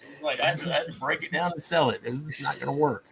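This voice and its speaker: A man's voice: on the high side, rapid-fire, creaky, a crowd in the background, low-quality recording. A man hosting a live stream, telling a long game story in a casual, profane way, with mock-outraged asides. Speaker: streamer host.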